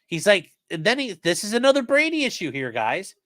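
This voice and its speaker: Brief: male streamer, lively, a bit high-pitched, swears freely, dry close sound. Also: fairly quick, no room sound. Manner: profane, animated, reads quotes in shifting voices. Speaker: legal commentary streamer. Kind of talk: casual live-stream commentary reading a transcript.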